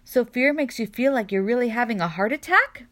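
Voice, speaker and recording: A woman's voice: fairly high pitch, lively intonation, fairly quick, a bit bright, voice pushed up. A woman reading a storybook aloud, voicing a curious young male possum asking an earnest question.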